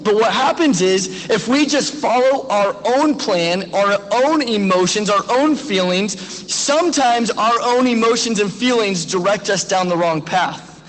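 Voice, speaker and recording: Pastor, man in his 30s, high tenor, earnest exhorting sermon, long hall echo. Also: expressive, unhurried. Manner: earnest, exhorting, asks direct questions. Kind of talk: graduation sermon and prayer.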